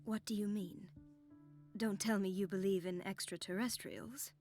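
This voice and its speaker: A worried young nurse , played by a woman, who keeps asking anxious questions. Her voice sits at a middle pitch for a woman, with light game music in the background. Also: fairly even intonation, normal speed, darkish tone, close to an everyday voice. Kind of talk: video game voice acting.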